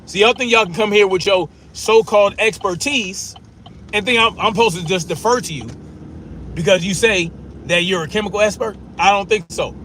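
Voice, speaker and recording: Man, high bright voice, argumentative live-stream rant, swears, repeats points, faint traffic behind. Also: moderate pace. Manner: argumentative, profane, repeats himself for emphasis. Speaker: streamer answering chat comments.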